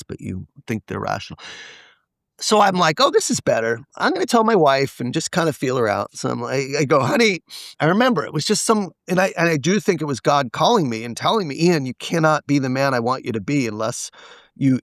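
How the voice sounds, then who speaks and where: A man's voice: medium pitch, lively intonation, normal speed, a bit bright, no room sound. A man as a podcast guest, candidly telling a personal story and acting out the quoted dialogue. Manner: confessional, acts out quoted dialogue.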